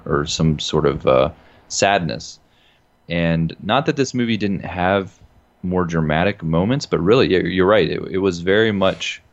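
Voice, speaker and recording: A man with an extremely deep voice talks through a film in a relaxed, thoughtful manner, filling his pauses with fillers. The recording sounds dull and lo-fi, as if the top end were cut off. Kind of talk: casual film review chat.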